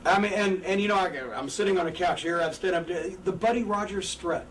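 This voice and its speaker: An older former pro wrestler, a guest seated on a couch indoors, tells stories candidly in an interview, cursing freely and acting out crowd and wrestler voices. His male voice is high, animated and fairly quick. A distant mic picks him up with faint room noise.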